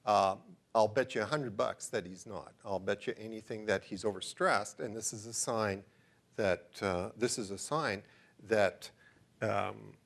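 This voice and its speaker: A man's voice: on the low side, a little slow, creaky, a bit bright. A middle-aged man giving an enthusiastic, digressive lecture in a room full of listeners, often stopping to ask them questions. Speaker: researcher giving a talk. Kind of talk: lecture to a live audience.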